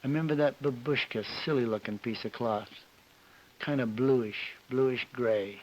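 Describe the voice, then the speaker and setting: A man's voice: mid-range voice, normal speed. A man telling an emotional personal story as a guest on a television panel show. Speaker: celebrity guest. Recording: dull 1961 TV broadcast with hiss.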